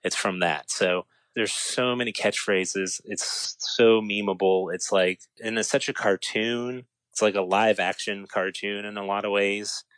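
A man co-hosting a casual chat, telling a story with lots of energy, his voice climbing high and breaking into laughter as he gets excited. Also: a little slow, few pauses, clear, resonant tone, no room sound. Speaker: podcast co-host.

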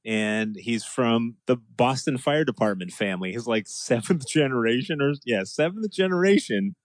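Man from new england, forties, animated casual podcast talk, laughs often, dry close sound, mid-pitched. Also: dry recording. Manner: animated, laughing, does quick impressions. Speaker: podcast co-host. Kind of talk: casual chat.

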